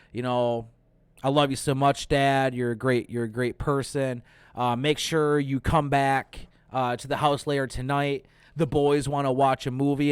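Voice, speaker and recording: A man hosts a casual movie review, retelling scenes with plenty of swearing and quick acted-out quotes. His voice sits at a middle pitch, and the recording is dry, with no room sound. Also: clear, resonant tone, no echo. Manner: animated, profane, acts out quotes. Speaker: host.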